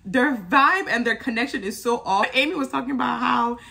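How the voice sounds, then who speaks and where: A woman with a bright, forceful voice, talking casually and animatedly to her viewers. Her pitch sits a touch high, and she laughs often as she recaps the episode. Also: a little fast, vocal fry. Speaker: YouTube reality TV reviewer.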